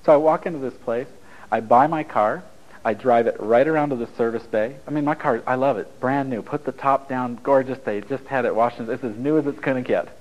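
A man's voice: medium pitch, fairly quick, highs cut off. A man giving a blunt, storytelling talk to a live audience, acting out dialogue as he goes, over a radio broadcast. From United States. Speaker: relationship speaker.

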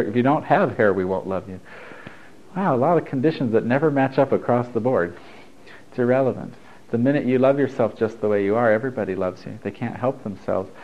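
A man's voice: fairly low pitch, lo-fi sound. A man giving a loose, conversational spiritual talk to a group, laughing and swearing freely as he teaches.

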